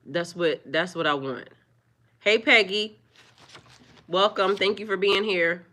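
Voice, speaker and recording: A woman talking live to her viewers, firmly scolding trolls in a preachy, drawn-out way. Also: medium pitch, sharp tone. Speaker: livestreamer. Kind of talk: live-stream chat with viewers.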